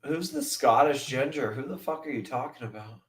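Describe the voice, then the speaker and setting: A man's voice: mid-range voice, normal speed. A man hosting a casual livestream, rambling and swearing as he reacts to chat and videos. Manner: profane, rambling, mimics voices. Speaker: livestream host.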